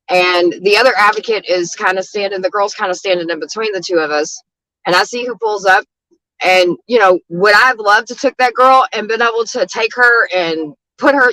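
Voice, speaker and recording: A woman's voice: mid-range voice, pushed and bright, no room sound, poor audio. A woman street outreach advocate telling stories in a casual chat, frank and blunt, with frequent swearing. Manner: frank and blunt, with frequent swearing and "you know what I mean".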